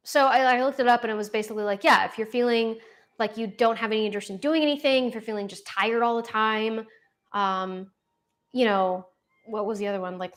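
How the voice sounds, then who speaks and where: A woman's voice: medium pitch, fairly bright tone. A young woman chatting casually and rambling on a livestream from home, with lots of fillers and restarts. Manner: swears casually, self-deprecating humor. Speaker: livestream host. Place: at home with her dog. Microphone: laptop.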